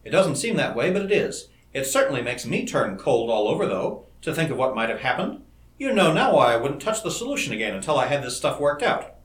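A man's voice: mid-range voice, very animated, lightly acted. A man reading an eager young scientist. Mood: excited. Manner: eager, rapid enthusiasm. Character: bright, excitable young male scientist. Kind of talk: audiobook character reading. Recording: roomy echo.

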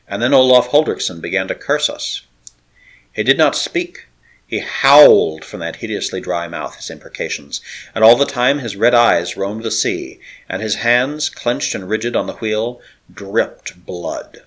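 A man's voice: fairly low pitch, lively intonation, unhurried, a bit bright. A man narrating an adventure story with a dramatic, varied delivery. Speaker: audiobook narrator.

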